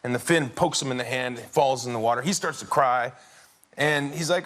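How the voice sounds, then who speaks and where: A man's voice: medium pitch, fast talker. A man in his forties, a guest on a talk show, telling an anecdote with frequent laughter in casual chat. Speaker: guest, film actor. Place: television studio with audience. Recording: crowd and studio noise.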